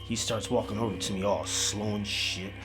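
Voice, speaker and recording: A man's voice: fairly low pitch, moderate pace, faint music behind. A man telling a scary story in a casual, profane way, swearing often and acting out the scenes. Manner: animated, swears constantly, acts out the scenes. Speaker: horror storyteller.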